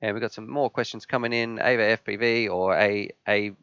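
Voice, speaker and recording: Male stream host, low-pitched, enthusiastic, casual Q&A patter, dull and dry lo-fi audio. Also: steady tone, a little fast, fairly bright tone, clear, resonant tone, no echo. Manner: enthusiastic, chatty, reads viewer questions aloud.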